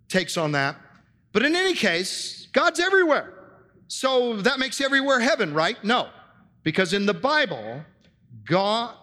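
High bright-voiced man preaching. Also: big-room sound. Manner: earnest teaching tone, rhetorical questions to the congregation. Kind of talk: sermon. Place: church with handouts for listeners.

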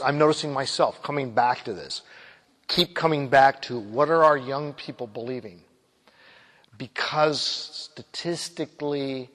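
A man preaching a sermon, quoting scripture and slowing down sharply to stress key phrases. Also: mid-range voice, fairly bright tone. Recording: long hall reverb.

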